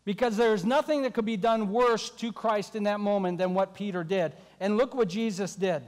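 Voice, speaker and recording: A man preaching a sermon who tells the story in an animated way and acts out the voices of the people in it. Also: sits high, moderate pace, long reverb tail. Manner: animated, acting out the disciples' voices. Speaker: pastor.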